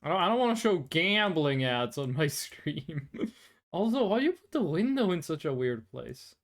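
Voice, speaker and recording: A VTuber streamer chatting casually and playfully with viewers during a live stream, quick to laugh. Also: mid-range voice, very animated.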